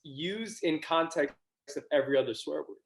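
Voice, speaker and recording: A man's voice: on the high side, moderate pace, vocal fry, reverberant. A man with a Southern US accent, a podcast guest in casual chat, laid-back and swearing freely.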